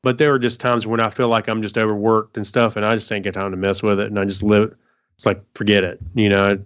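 A man's voice: fairly low pitch, level tone, quick pace, clean tone. A man co-hosting a podcast, reading a news article aloud in a casual way, tripping over words and adding his own asides. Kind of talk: casual chat. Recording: dull lo-fi audio.

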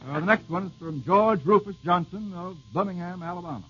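Heard through background noise on a dull, lo-fi old radio recording, this male quiz host has a voice that sits high. He jokes readily and bandies wry remarks with the panel while reading out questions sent in by listeners.

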